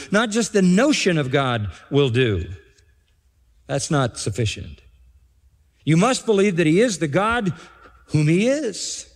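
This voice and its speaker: A man preaching an expository sermon, emphatic, repeating key phrases and slowing down to stress them. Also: high voice. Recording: long hall reverb.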